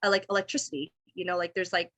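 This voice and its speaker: A woman in her thirties, guesting on a podcast, chats casually and candidly in a lowish, fairly bright voice, talking fast with fairly even intonation. She rambles with lots of fillers and restarts, acting out her own past thoughts.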